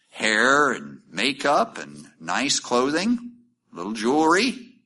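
A man's voice: medium pitch, bright, forceful tone. A middle-aged man preaching a sermon in a conversational way, asking rhetorical questions and acting out quoted lines. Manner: acts out quoted lines in shifting voices. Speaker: pastor.

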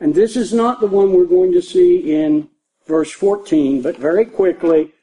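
A man's voice: high-pitched, unhurried, warm tone, rough recording. An older man preaching a conversational sermon to a congregation in a church, repeating key phrases for emphasis. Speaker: pastor.

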